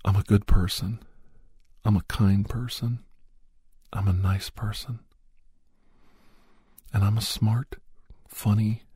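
A man speaking soft, repetitive, earnest self-affirmations in a breathy, half-whispered voice. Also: low-pitched, dry recording, studio quality.

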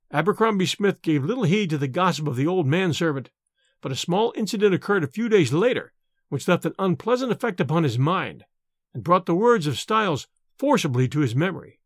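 A man reading a classic horror tale aloud, his fairly high voice rising and falling with theatrical expression. The recording is dry and close, with no room around it. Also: very animated, a little fast, no room sound. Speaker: narrator. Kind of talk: audiobook reading of a Victorian horror story.

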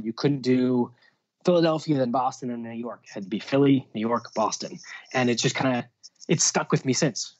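A man's voice: mid-range voice, a little mellow. A man telling stories from his music industry career in a casual interview, rambling with many fillers and restarts. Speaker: music booking agent guest. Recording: dull lo-fi sound.

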